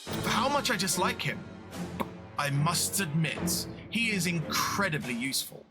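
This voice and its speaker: A man's voice: a little high, big pitch swings, loud music behind the voice. A man playing a pompous mad scientist. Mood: coldly gloating. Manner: slow, grandiose, coldly polite villain monologue. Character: cold, pompous male mad scientist doctor. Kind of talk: game voice-over.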